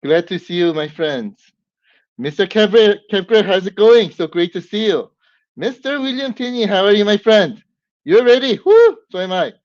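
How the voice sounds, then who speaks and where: A man hosting a live stream, whooping and greeting viewers by name with lots of excitement. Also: high-pitched, moderate pace, no room sound. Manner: hyped, whooping, warm greetings to chat. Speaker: livestream host. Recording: dull lo-fi stream audio.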